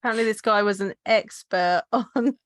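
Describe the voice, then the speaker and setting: A woman's voice: medium pitch, moderate pace, no echo, clean studio sound. A woman from Kent with a southern English accent, co-hosting a podcast and telling stories with frequent laughs. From Kent, England. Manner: laughs often, chatty storyteller. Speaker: podcast co-host. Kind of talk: casual chat.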